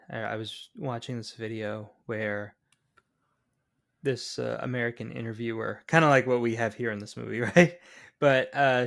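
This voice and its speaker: A man's voice: medium pitch, creaky, fairly bright tone. A man co-hosting a film podcast, rambling casually with many fillers. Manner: rambling, heavy on "like" and "um". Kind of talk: casual film review chat.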